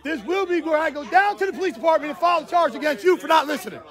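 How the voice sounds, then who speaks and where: A man's voice: very high-pitched, lively intonation, very fast, a bit bright, a faint crowd. A man, filming outdoors on his phone as he confronts police on his property, demanding and repeating himself. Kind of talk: heated confrontation, filmed live. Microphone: handheld phone camera.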